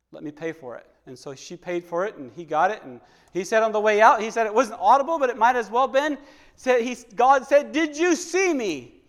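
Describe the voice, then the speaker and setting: Man, preacher, sermon, higher voice, emotional, repeats himself, loud then hushed, long church reverb. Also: clear, resonant tone.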